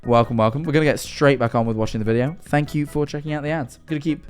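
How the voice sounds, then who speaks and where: A man's voice: mid-range voice, rapid-fire, a little mellow, smooth, soft background music. A young man, chatting and joking with viewers during a live-stream reaction.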